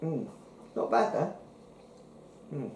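A man co-hosting a casual beer tasting podcast, who reads the labels out haltingly and stumbles over the words. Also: a little high, very animated, darkish tone, roomy sound, slight background noise, rough recording. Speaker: podcast co-host.

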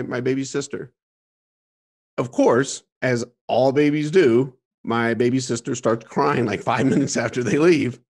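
A middle-aged man telling a frank personal story as a podcast guest, repeating words and swearing casually. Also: medium pitch. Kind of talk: candid storytelling interview.

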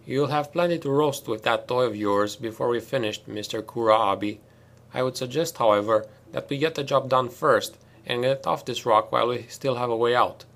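Audiobook: man voicing a tough, sardonic female lieutenant, clipped, loud, commanding. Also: medium pitch, normal speed, natural voice. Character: stern hard-edged female marine lieutenant. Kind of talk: audiobook character reading.

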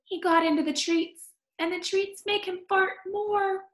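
A woman reading a picture book aloud to children, expressive, stopping to comment on the story. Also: very high-pitched, measured pace. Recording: echoey room.

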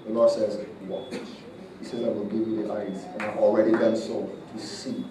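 A man's voice: fairly low pitch, flat delivery, normal speed. A man preaching in church as an apostle, declaring prophecy over a congregant in fervent bursts. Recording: echoey hall, mic far off, noisy.

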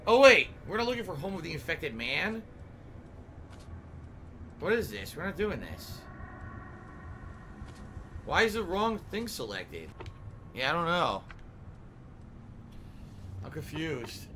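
A man's voice: a little high, very animated, slow pace, long pauses, sharp tone, a little hiss or hum, low-quality recording. A man streaming a game live, commenting as he plays, often frustrated and swearing. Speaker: gaming streamer.

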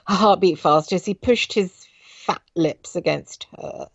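A woman reading her own memoir aloud, breaking off into flat, wry asides, on dull dry lo-fi audio. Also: lowish voice, measured pace, dry recording. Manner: flat, wry asides between read passages.

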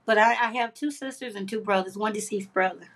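A woman's voice: medium pitch, a little fast. A woman hosting a craft livestream, chatting casually and affectionately with viewers, reading their comments aloud and laughing often.

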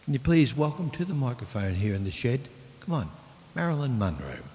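A man's voice: medium pitch, big pitch swings, a little fast, dark tone. A man with an Australian accent hosting a homemade comedy bit, introducing guests in a cheeky announcer manner. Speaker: comedy host. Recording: echoey hall with faint hiss.

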